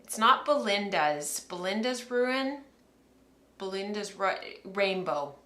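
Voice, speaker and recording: A woman's voice: medium pitch, lively intonation, slow, bright, forceful tone, echoey room. A woman in her thirties hosting a casual livestream from home, chatty and rambling, laughing often as she talks to camera. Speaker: podcast host.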